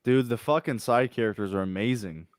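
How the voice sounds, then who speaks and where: A man's voice: medium pitch, brisk. A man in a casual movie commentary chat, enthusiastic and swearing casually.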